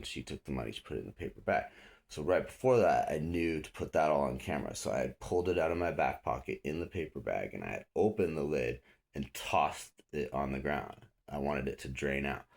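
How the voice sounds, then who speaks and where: A man's voice: a bass voice, vocal fry. A man telling a story in a loose, casual way, swearing freely and acting out the other people's lines. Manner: profane, animated, acts out others' lines.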